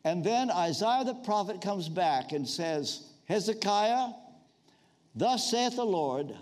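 A man's voice: very animated, takes it slowly, a little mellow. An older man preaching a sermon, telling stories and dropping his voice to act out the quotes. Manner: storytelling, acts out quotes in lowered voice.

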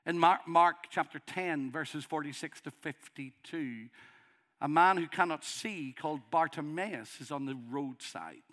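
A middle-aged man with a Northern Irish accent preaching a sermon, passionately, building to loud pleading. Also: a little high, measured pace. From Northern Ireland.

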